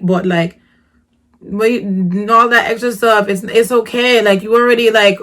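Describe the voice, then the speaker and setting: A woman vlogger telling a story in a casual, slangy way, jumping between hushed asides and loud exclamations. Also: mid-range voice, steady tone, unhurried.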